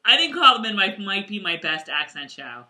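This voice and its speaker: A woman's voice: mid-range voice, very animated, moderate pace, pushed and bright, slight background noise. A woman co-hosting a casual chat show, giggling often and slipping into playful put-on accents. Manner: giggly, slips into playful mock British accents. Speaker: podcast co-host.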